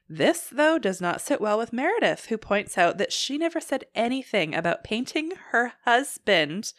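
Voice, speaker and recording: A woman from Canada co-hosting a podcast, recapping episodes in casual chat and loudly acting out quotes. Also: on the high side, moderate pace, few pauses, no room sound. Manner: animated, acts out quotes loudly. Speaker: podcast co-host.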